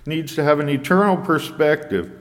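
A man preaching a sermon in a measured way, quoting scripture in old English. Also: on the high side, expressive, long reverb tail.

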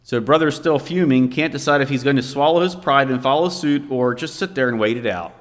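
Male preacher, mid-pitched, storytelling sermon delivery, long reverb of a church hall. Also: brisk. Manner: storytelling, vividly recounting a scene.

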